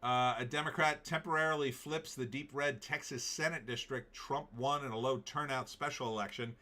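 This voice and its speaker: A man's voice: medium pitch, fairly even intonation, moderate pace, sharp tone. A man hosting a political commentary show, giving opinionated, emphatic takes and reading out viewer comments.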